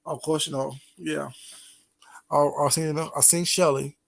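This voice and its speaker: His voice is a little high, steady, and gravelly, and he speaks somewhat slowly. As the host of a casual late-night livestream, he gossips with chat, teases them, and laughs frequently.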